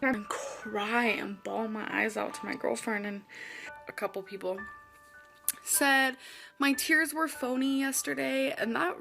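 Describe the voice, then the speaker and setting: A woman's voice: a little high, steady tone, unhurried, creaky, over music. A woman talking in an emotional, tearful, confessional vlog style. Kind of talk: casual vlog talk.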